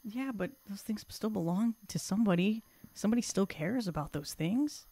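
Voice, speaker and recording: A woman's voice: medium pitch, lively intonation, moderate pace, mellow, breathy edge, no room sound. A woman voicing a dutiful male town guard who speaks in an earnest, encouraging way.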